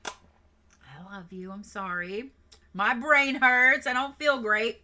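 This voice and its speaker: Bright-voiced woman giving readings. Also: fairly high pitch, takes it slowly. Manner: chatty, playful, swears and giggles. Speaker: reiki practitioner and tarot reader. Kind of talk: casual livestream zodiac reading.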